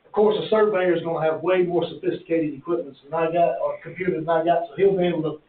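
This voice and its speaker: A man's voice: fairly high pitch, fairly even intonation, fast talker. A man explaining a land survey at a county hearing, folksy and rambling. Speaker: applicant's representative. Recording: echoey, tinny, far from mic.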